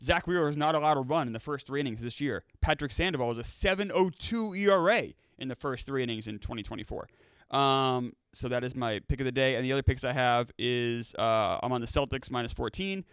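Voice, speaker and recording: A man's voice: mid-range voice, fairly quick, fairly bright tone, clear, resonant tone, dry recording. A man co-hosting a casual sports betting chat, wry and easygoing, often stammering. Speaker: podcast co-host.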